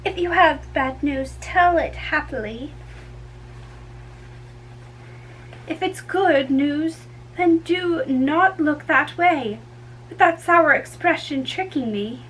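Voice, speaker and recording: A woman's voice: sits high, takes it slowly, a bit bright, slight background noise, poor audio. A woman reading a play aloud, voicing an impatient young girl in love who presses and pleads for news. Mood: pleading. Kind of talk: dramatic reading.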